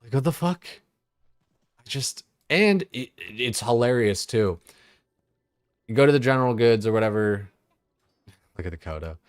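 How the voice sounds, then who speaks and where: A man's voice: medium pitch, lively intonation, moderate pace, long pauses, no room sound, studio quality. A young man streaming games, ranting in a loose, exasperated way, full of swearing and filler words. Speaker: gaming streamer. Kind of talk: casual livestream rant.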